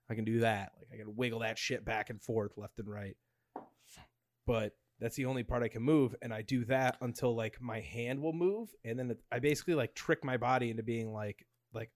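Young man telling loose, profane stories. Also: mid-range voice. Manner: loose, profane, laughing storyteller. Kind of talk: casual chat.

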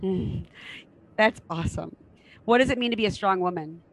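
A woman's voice: medium pitch, moderate pace, slight background noise, rough recording. A middle-aged woman hosting a casual interview podcast, frank and enthusiastic and swearing now and then. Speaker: podcast host.

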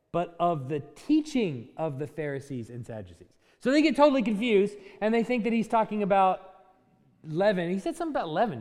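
A man with a high voice preaches in a lively way. He acts out short voices as he goes and laughs now and then. The sound rings with the long reverb of a large church hall. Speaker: pastor. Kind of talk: sermon.

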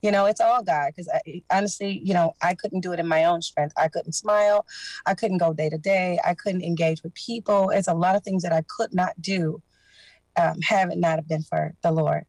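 A woman's voice: on the low side, fairly even intonation, normal speed, a little mellow, no echo, low-quality recording. A woman guest on a podcast telling her personal story earnestly, with emotion and references to her faith. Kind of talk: personal testimony.

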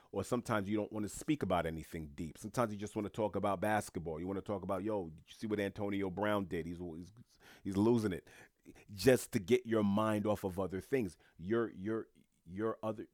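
A man's voice: low-pitched, darkish tone, no echo, clean studio sound. A man hosting a podcast episode, talking casually and earnestly to his listeners, often restarting and repeating words. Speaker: podcast host. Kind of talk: casual monologue.

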